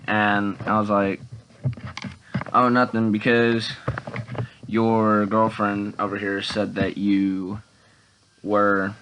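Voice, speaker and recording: A man's voice: fairly low pitch, flat delivery, slow pace, pauses often, noisy background. A young man rambling through a casual storytime vlog, restarting often and quoting himself with "and I'm like". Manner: rambling, repeats words and restarts, many "and I'm like". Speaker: vlogger.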